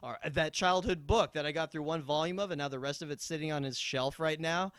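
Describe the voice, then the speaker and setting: A young man performing a stand-up comedy set, dropping into deadpan asides and bursting into loud yells. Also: on the high side, fairly quick, smooth, no room sound.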